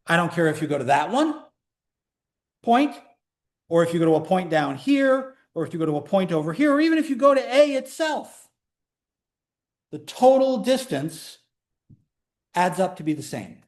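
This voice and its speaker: Male college math teacher, fairly high voice, chatty classroom lecture with jokey asides. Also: very animated. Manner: pace swings between slow emphasis and quick runs. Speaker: math instructor.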